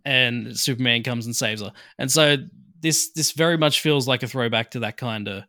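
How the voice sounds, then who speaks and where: A co-host on a laid-back movie podcast speaks in a mid-range, pushed, bright voice at normal speed. He wanders through his points, leaning on fillers and breaking into laughter often.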